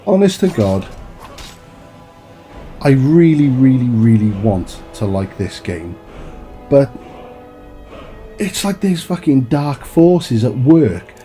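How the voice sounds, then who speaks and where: A man's voice: medium pitch, sing-song, takes it slowly, long pauses, dark tone, faint music behind. A man giving a profane, exasperated rant as a gaming commentator. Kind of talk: ranting game review.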